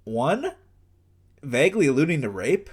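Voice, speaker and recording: A man's voice: fairly high pitch, very animated, measured pace, a little mellow, husky. A young man co-hosting a podcast, telling a celebrity story in casual chat with lots of fillers and acted-out quotes. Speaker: podcast co-host.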